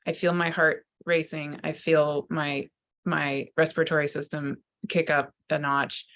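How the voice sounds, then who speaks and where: A woman's voice: sits low, level tone, measured pace, fairly bright tone, a little hiss or hum. A woman, a psychotherapist and spiritual teacher, talking to camera in an earnest, searching way, often restarting her sentences. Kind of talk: unscripted spiritual talk to camera.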